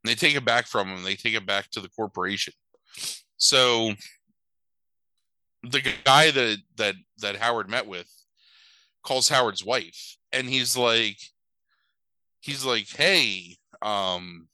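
A man's voice: medium pitch, measured pace, long pauses, bright, forceful tone, dry recording, low-quality recording. A man casually retelling a movie plot in a rambling way, full of fillers, acting out the characters' lines. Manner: rambling, filler-heavy retelling with exaggerated quoted voices. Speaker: podcast co-host recapping a movie. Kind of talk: casual chat.

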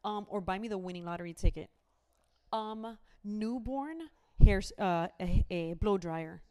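A woman's voice: medium pitch, measured pace, darkish tone, smooth. A young woman, chatting animatedly and dropping in Spanish phrases. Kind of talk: casual chat.

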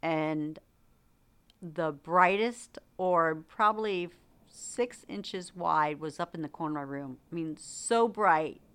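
A middle-aged woman co-hosting a podcast, telling a ghost story in a casual, animated way with laughs and acted-out quotes. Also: low-pitched, slow, smooth. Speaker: podcast co-host.

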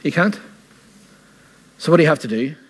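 Male preacher, husky voice, earnest and conversational, keeps asking the congregation questions. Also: on the high side, lively intonation, normal speed. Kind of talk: sermon.

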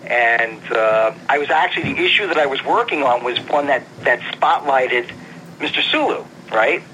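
A man's voice: medium pitch, animated, moderate pace, sharp tone, slight background noise, poor audio. A man being interviewed about his comic book writing, telling an anecdote in a casual, self-interrupting way. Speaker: guest, comic book writer.

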